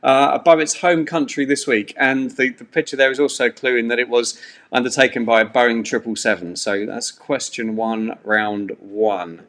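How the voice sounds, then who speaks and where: A man runs a live-streamed pub quiz from a bedroom at home. His voice sits at an ordinary middle pitch. He talks in a loose, rambling way with plenty of fillers. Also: fairly even intonation, normal speed, a bit bright. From England. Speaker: quiz host.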